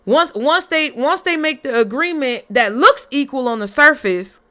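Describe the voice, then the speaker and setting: A woman's voice: high voice, lively intonation, normal speed, sharp tone. Blunt, fired-up woman tarot reader. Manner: blunt, profane, fired-up motivational talk. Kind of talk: casual collective tarot reading.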